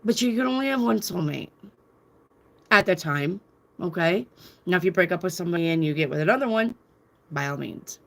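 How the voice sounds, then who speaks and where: A woman's voice: lowish voice, expressive, a little fast, vocal fry, pauses often, fairly bright tone. A middle-aged woman hosting a casual talk show, speaking emphatically, repeating phrases and lecturing her viewers with firm conviction. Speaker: tarot reader and podcast host.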